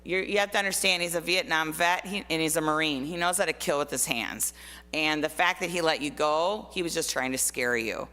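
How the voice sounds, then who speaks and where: Woman, artist talk, bright voice, conversational, lots of fillers, long hall reverb. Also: low-pitched, a little fast. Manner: conversational, many fillers, personal storytelling. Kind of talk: informal presentation of artwork. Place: church forum room.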